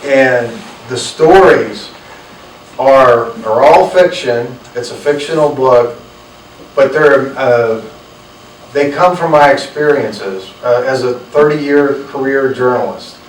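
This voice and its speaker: A man's voice: medium pitch, slow, a little hiss or hum. A man, an author telling earnest stories to a live audience and acting out the dialogue he quotes. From North Carolina. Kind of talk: storytelling talk to an audience. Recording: roomy, from a distant mic.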